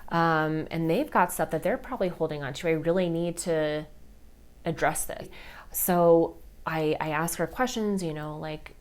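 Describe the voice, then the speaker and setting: Woman in her 30s, podcast host, slightly low voice, candid and heartfelt, loose chatty delivery. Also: unhurried. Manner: candid, heartfelt, many fillers like "like" and "you know". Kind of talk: personal storytelling podcast.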